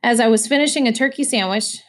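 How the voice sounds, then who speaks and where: A woman's voice: on the high side, fast talker. Woman reading a novel aloud. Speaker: audiobook reader.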